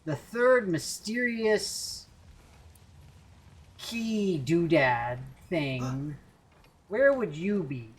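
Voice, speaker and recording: A man's voice: high-pitched, expressive, extremely slow, pauses often, slightly rough. A man streaming a video game, rambling jokily and interrupting himself. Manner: rambling, jokey, self-interrupting. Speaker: gaming streamer. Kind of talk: casual gameplay commentary.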